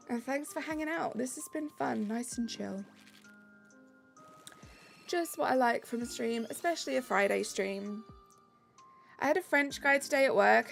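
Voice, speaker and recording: A woman live streamer chatting casually with her viewers in a relaxed way, thanking them by name. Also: sits high, normal speed, gravelly, pauses often, faint music behind.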